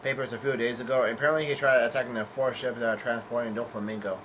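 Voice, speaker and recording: A man flatly reading an earnest forest woman. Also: medium pitch, quick pace, slight background noise, natural voice. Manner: plain, flat read-aloud.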